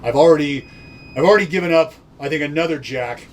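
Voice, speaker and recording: A man's voice: fairly high pitch, quick pace. A man hosting a casual chat, telling a story in a laid-back way, swearing freely. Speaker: podcast host, former pitcher. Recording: far from mic with faint noise.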